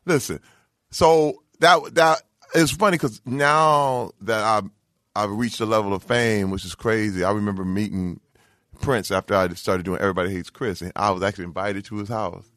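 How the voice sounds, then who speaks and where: A man from Flint, Michigan, telling lively stories as a guest, often acting out what people said. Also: fairly low pitch, normal speed, dry recording, studio quality. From Flint, Michigan, USA. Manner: animated, acts out quoted voices. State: emotional. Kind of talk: casual interview storytelling.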